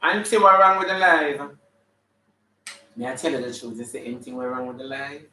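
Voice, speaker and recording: A man with a Jamaican accent playing a flamboyant, sassy female character full of attitude, hosting a live stream and shouting out viewers' names. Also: medium pitch, fairly even intonation, normal speed. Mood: gossipy. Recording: echoey room, mic at a distance.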